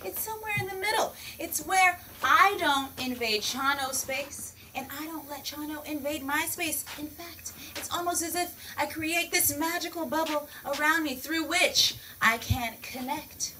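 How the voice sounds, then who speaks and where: A woman teaching children outdoors in a lively, playful way, calling the kids "my people" and "y'all.". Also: high voice, moderate pace, hardly any pauses, far from the mic, a little hiss or hum, poor audio. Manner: energetic, playful, calls the crowd "my people" and "y'all". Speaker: peace educator teaching children.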